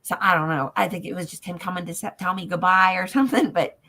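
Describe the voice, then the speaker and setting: A woman telling a personal dream story in a casual chat, halting and emotional, dropping softer at times. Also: fairly low pitch, steady tone.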